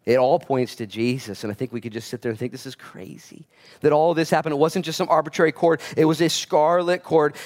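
Animated pastor, man with a higher voice. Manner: animated, acts out quoted voices, joking asides. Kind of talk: conversational sermon.

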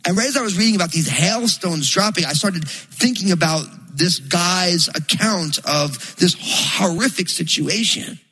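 A pastor from New Jersey preaching a sermon, telling a story in a loose, chatty way full of fillers. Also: male voice, sits high, a little slow, hardly any pauses, pushed and bright, husky, low-quality recording.

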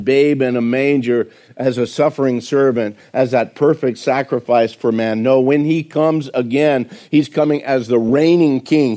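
A male pastor preaching a sermon, earnest and full of questions to his listeners, slowing and softening when he recites hymn lines. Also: mid-range voice.

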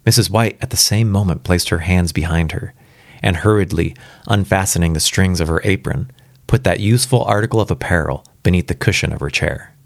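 Deep-voiced man reading a story aloud. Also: a little fast, creaky, no room sound, studio quality. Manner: casual, stops to comment on the text. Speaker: story reader. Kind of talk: live first-time reading with asides.

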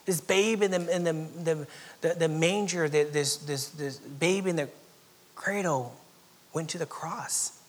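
Pastor, male, from Southern California; dynamic preaching with loud and near-whispered passages. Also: a little high, unhurried. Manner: dynamic preaching, swinging from loud emphatic lines to soft near-whispers, with chuckles. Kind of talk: sermon.

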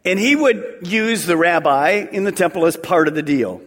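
A man preaching a sermon as pastor, animated, acting out voices and leading call-and-response. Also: high-pitched, moderate pace. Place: church sanctuary. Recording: long hall reverb.

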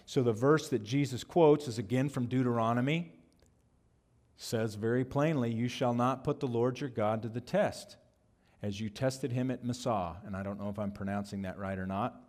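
A man preaching an expository sermon, thoughtful and halting, with frequent fillers and restarts. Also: on the low side, darkish tone. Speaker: pastor.

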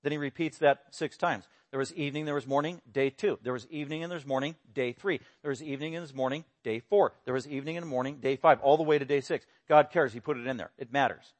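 A man preaching a sermon, emphatic, swinging between loud exclamations and quiet explanation. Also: quick pace, hardly any pauses. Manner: emphatic, rising to loud exclamations then dropping low. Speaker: pastor.

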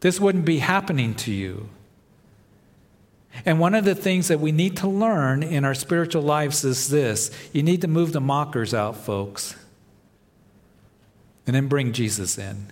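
A male pastor delivering a sermon, with rising emphasis and soft dramatic drops. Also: fairly high pitch, unhurried. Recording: long reverb of a large hall.

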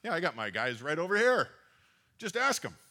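A scheming, boastful ancient king speaks in offhand modern slang, as a preacher puts him on. The voice sits a little high and sounds bright and forceful. He brushes aside warnings and makes his sly plans casually. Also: very animated, normal speed. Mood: breezy, scheming.

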